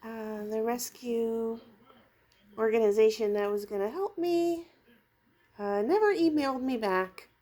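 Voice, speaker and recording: A woman hosting a home vlog channel, chatting casually and softly coaxing her kittens indoors. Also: a little high. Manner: soft, coaxing, slow-paced talk.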